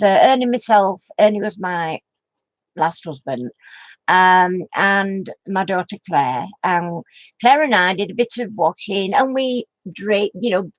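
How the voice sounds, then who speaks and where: Slow, giggly older woman. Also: medium pitch, dry recording. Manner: giggly, laughs through her words; chatty, homely exclamations. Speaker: craft vlogger. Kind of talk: rambling anecdote to camera.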